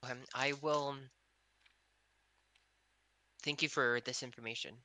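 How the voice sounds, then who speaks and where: A man's voice: mid-range voice, fairly even intonation, a little slow, pushed and bright. A man playing a tabletop game over a voice call who asks plain, curious questions. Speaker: player. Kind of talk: casual tabletop play over voice chat.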